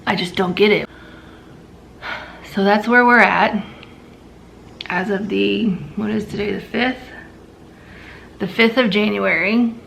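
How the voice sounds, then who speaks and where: A woman's voice: mid-range voice, steady tone, slow, creaky, long pauses, fairly bright tone, slight background noise. A woman speaking candidly as a mother in a personal vlog, in a weary, drained, venting way. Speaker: mother vlogger.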